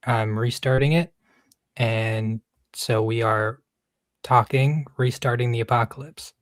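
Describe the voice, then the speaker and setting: A man's voice: medium pitch, steady tone, a little slow, dry recording. A man hosting a podcast, making dry, laid-back quips and steering the chat. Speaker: podcast host. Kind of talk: casual chat.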